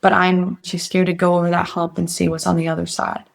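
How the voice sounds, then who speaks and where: A woman's voice: lowish voice, monotone, a little fast, gravelly. A young adult woman speaking as an interview guest, earnest and motivational as she lays out steps for facing fear. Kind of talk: casual interview.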